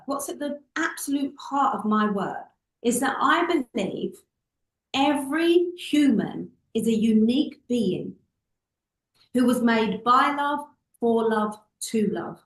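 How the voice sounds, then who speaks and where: A woman's voice: a little high, roomy sound, rough recording. A woman, a public speaking coach, telling stories expressively as an interview guest. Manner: expressive, acts out voices in anecdotes.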